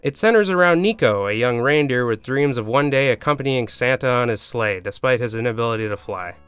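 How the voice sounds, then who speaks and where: A man's voice: medium pitch, animated, brisk, fairly bright tone, clean tone, no room sound, soft background music. A man delivering scripted comedic video game commentary, sarcastic and prone to swearing rants. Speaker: gaming video host.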